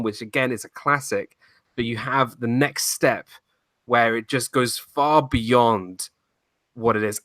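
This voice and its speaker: A man's voice: medium pitch, sharp tone, dry recording, clean studio sound. An American man co-hosting a casual movie chat, talking with gushing enthusiasm. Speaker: podcast co-host.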